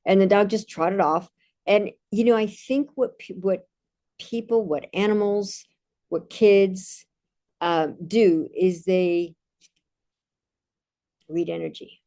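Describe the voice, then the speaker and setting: A woman telling personal anecdotes in a calm, casual monologue, with frequent restarts. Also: medium pitch, takes it slowly, long pauses. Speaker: meditation speaker.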